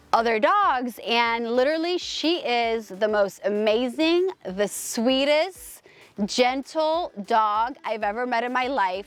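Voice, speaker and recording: A woman host telling a personal story in a casual, rambling way, emphatic and gushing, with many restarts. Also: fairly high pitch. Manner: rambling, full of restarts and fillers.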